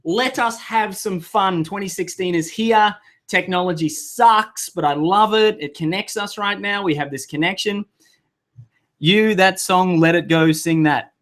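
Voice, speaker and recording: High-voiced flustered man. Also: unhurried, fairly bright tone. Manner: flustered, chatty, swears and laughs at himself. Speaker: webinar host. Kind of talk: casual live webinar talk.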